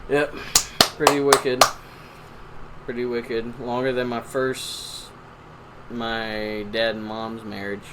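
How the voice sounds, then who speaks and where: A man's voice: mid-range voice, little pitch movement, slow pace, long pauses, background noise. A young man co-hosting a casual podcast, joking crudely and swearing freely as he tells stories. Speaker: podcast co-host.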